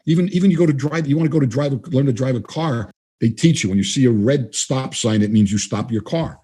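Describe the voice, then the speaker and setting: This guest trainer's husky, medium-pitched voice runs a little fast as he responds to interview questions. He's animated, relating anecdotes and performing both halves of every exchange.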